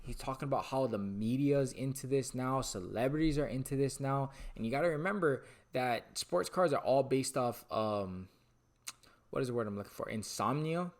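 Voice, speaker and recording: A young man talking excitedly to camera about sports card investing, rambling and losing his train of thought. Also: medium pitch, normal speed. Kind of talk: casual talking-head monologue.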